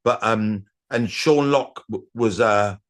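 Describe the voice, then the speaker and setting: A middle-aged comedian telling rambling anecdotes in a casual interview, with restarts and acted-out quotes. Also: male voice, fairly low pitch, takes it slowly. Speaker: comedian guest.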